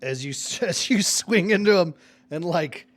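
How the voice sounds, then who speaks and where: A man's voice: high-pitched, expressive, moderate pace, a bit bright. A man running a tabletop game as dungeon master, narrating animatedly with many fillers.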